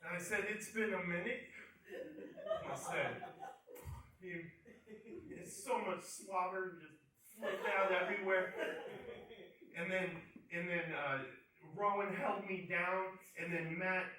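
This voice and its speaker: A man doing stand-up, telling a story in an awkward, deadpan, self-deprecating way on a handheld stage mic in a comedy club. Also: high voice, takes it slowly, long pauses. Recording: echoey club from far off. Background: crowd laughing.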